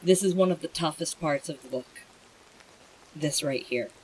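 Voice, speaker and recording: A streamer reading a bedtime story aloud and chatting with viewers, in a gentle, emotional way. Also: mid-range voice, normal speed, husky, poor audio.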